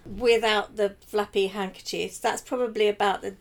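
A woman's voice: mid-range voice, fairly even intonation, normal speed. A woman hosting a podcast interview, upbeat, laughing often and prompting her guests with questions. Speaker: podcast host. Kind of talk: casual interview.

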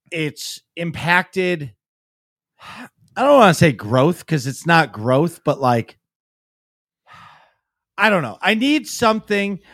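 A man's voice: a little high, fairly bright tone, no echo, studio quality. A man co-hosting a casual podcast, talking bluntly and swearing freely. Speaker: podcast co-host and streamer. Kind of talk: casual chat.

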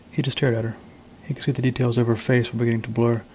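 A man, an author, reading his short story aloud in a measured, even manner. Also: mid-range voice, slight background noise, low-quality recording.

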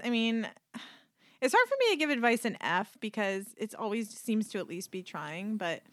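A woman co-hosting a comedic advice podcast, quick to laugh as she chats. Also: mid-range voice, very animated. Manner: giggly, breaks into laughter often. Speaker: podcast co-host.

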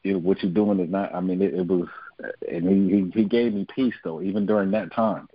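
A man giving an earnest, halting personal testimony on a family prayer line. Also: low-pitched, steady tone, husky, muffled recording.

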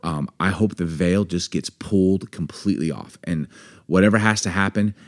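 Speaking at a moderate pace in a low voice, a man in his forties co-hosts a podcast. The talk is candid, and he becomes emphatic and impassioned, working up to anger while arguing his point.

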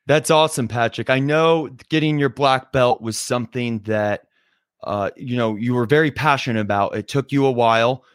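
A young man hosts a casual podcast interview with an upbeat, friendly manner. His voice sits at a middle pitch and sounds close and dry, with no room around it. He fills his questions with easygoing asides. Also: moderate pace, clear, resonant tone, no room sound. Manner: friendly, upbeat, many fillers like "you know" and "right". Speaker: podcast host.

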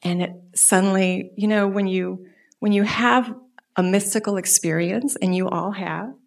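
Middle-aged woman, guest speaker, personal church story; animated, mid-pitched, drops into whispers. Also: measured pace, vocal fry.

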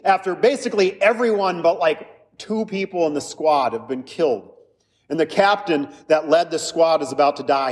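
Man preaching casually in a reverberant church. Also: on the high side. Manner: conversational, jokey, with many restarts. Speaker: pastor. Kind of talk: sermon. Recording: hall reverb.

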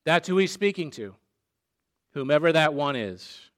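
A man preaching a sermon, slow and emphatic, dropping soft and low on key phrases. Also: lively intonation. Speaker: pastor.

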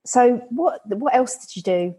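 A woman's voice: on the high side, expressive, a little slow, warm tone, husky. A woman hosting a podcast interview, chatty and encouraging, often speaking straight to listeners. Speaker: podcast host and running club organiser. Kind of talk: casual interview.

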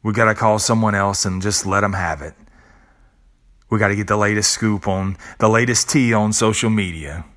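Deep-voiced man, earnest reflective monologue. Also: normal speed, a bit bright. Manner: earnest, with blunt casual swearing and repeated words. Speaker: podcast host.

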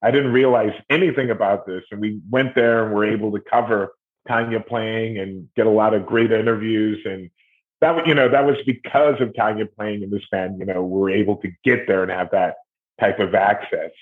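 Guy from ohio, kinda low voice, rambling interview stories over a tinny phone-ish line. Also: steady tone, moderate pace. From Ohio, USA. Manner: rambling, loose storytelling. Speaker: guest musician. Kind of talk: casual interview chat.

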